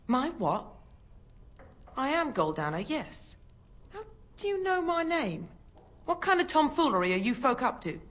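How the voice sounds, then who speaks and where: A woman's voice: high-pitched, sing-song, a little slow, long pauses, a bit bright, full character voice. A bitter working-class washerwoman. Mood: suspicious. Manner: blunt, resentful, coarse working-class speech. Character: bitter poor washerwoman, grown sister.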